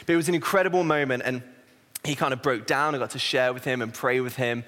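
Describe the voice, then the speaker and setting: A man, an assistant pastor giving a sermon, telling a self-deprecating story in an animated way. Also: mid-range voice, fast. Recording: reverberant hall.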